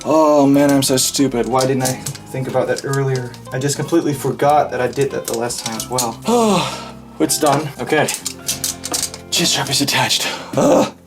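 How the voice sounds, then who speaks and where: Guy muttering n sighing while he fixes stuff in a hot room, normal pitch, music playing behind. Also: steady tone, a little fast. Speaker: vlogger restoring a helmet. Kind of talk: hands-on restoration commentary. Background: background music.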